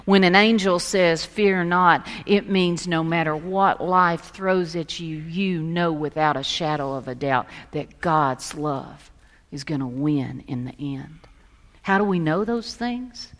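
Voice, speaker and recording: A woman pastor preaching a sermon, telling stories and moving between lively emphasis and hushed soft passages. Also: deep voice, slow pace. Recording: long reverb of a large hall.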